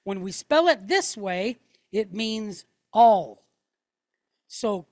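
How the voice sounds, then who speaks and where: Slow, patient woman teaching a class. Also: medium pitch, lively intonation, darkish tone, dry recording, studio quality. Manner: patient, explaining step by step, checking in with "right?". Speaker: Hebrew teacher.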